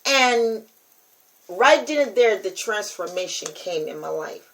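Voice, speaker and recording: A woman's voice: medium pitch, lively intonation, a little slow, rough recording. An older woman hosting her own podcast, talking straight to listeners in an emphatic, repetitive, testifying way. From United States. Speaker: podcast host and preacher. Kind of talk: casual spoken monologue to listeners.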